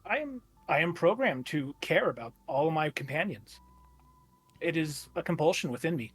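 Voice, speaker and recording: A man voicing a polite, formal male robot companion with a stiff, flat delivery. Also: on the high side, moderate pace, breathy edge, soft background music.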